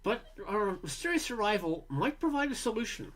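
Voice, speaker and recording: A man from Canada narrating a film review in a relaxed, wry, casual way, with fillers. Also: sits high, a little fast, soft background music. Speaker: film critic.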